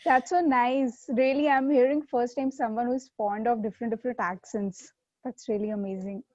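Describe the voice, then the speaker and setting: A woman's voice: on the high side, fairly even intonation, normal speed, darkish tone, dry recording, dull audio. A woman hosting a casual interview, eager and admiring, often laughing. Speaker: interview host.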